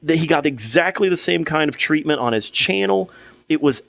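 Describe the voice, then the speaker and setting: A man's voice: on the high side, animated, normal speed, gravelly, fairly bright tone, dry recording. A young man co-hosting a podcast, telling a long story in casual chat with many restarts and fillers. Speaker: podcast co-host.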